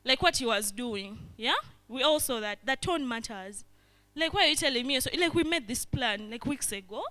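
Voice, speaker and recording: Bright, high-voiced woman facilitator. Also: lively intonation, normal speed. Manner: constantly checks in with the audience, acts out little scenes. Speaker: workshop facilitator. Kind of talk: interactive workshop talk.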